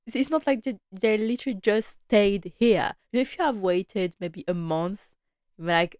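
Chatty woman with a smooth, dry voice. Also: medium pitch, moderate pace, no room sound. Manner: chatty and animated, laughing often, slipping into quoted lines. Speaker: podcast host recapping a TV drama. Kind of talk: casual chat.

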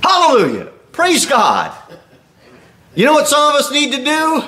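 A man's voice: very high-pitched, huge pitch swings, normal speed, bright, forceful tone. A man preaching an expository sermon as a pastor, reading scripture aloud and acting out the Bible figures' words with emphatic exclamations.

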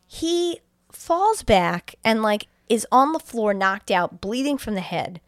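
A woman podcast co-host tells a horror film's plot in a loose, animated way, cursing freely. Her voice sits fairly high. The recording is close and dry with no room sound. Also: slow pace, no echo. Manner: animated storytelling, swearing. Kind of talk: casual film recap.

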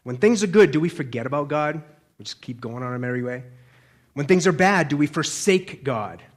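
A man preaching a sermon earnestly, putting direct questions to the listener and dropping his voice for quieter asides. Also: fairly high pitch, animated, brisk.

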